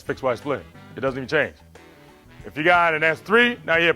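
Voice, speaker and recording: A man teaching medical exam material and describing his prep program, animated and vivid, acting out heart sounds. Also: on the high side, fairly quick, soft background music. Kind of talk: lecturing and promotional interview.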